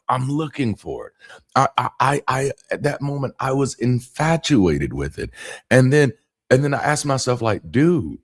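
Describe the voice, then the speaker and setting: A man with a fairly low voice talks straight to his viewers in a loose, casual monologue. His delivery is animated, leaning on rhythmic emphasis, and he often restarts his sentences or breaks off into side remarks. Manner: frequent restarts and asides. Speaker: YouTube commentator.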